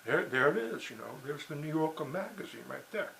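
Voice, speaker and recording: A man's voice: fairly high pitch, very animated, a little fast, creaky, a bit bright, a little hiss or hum, low-quality recording. A man talking in a rambling, digressive monologue, full of "you know" and "see" and restarts. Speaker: writer and blogger.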